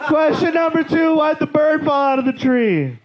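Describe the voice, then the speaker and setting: A male stand-up comedian telling a story on stage in a comedy club, in an animated, profane way, slipping into quoted voices. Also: very high-pitched, normal speed, a crowd in the background, noisy background. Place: comedy club stage before a live audience. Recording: dull live club recording with audience laughter.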